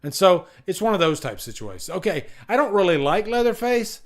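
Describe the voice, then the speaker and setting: A man's voice: high voice, very animated, a little fast. A man hosting a live stream, talking casually and rambling with enthusiasm and many restarts. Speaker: host.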